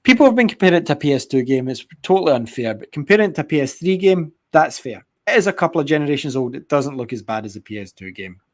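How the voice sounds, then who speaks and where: A man's voice: on the high side, fast talker, hardly any pauses. A man, co-hosting a casual chat about video games, rambling and swearing as he tells stories. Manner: rambling, profane, animated storytelling. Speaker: podcast co-host.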